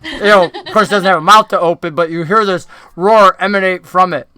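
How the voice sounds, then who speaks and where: A man's voice: high-pitched, fairly quick, sharp tone, smooth, no room sound, clean studio sound. A man narrating as dungeon master in a tabletop game, describing scenes in a casual way with many fillers.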